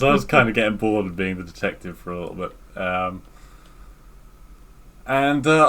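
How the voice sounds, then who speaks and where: A man's voice: on the low side, lively intonation, moderate pace, pauses often, pushed and bright. A man co-hosting a casual podcast, talking loosely with lots of fillers and some teasing of his co-host.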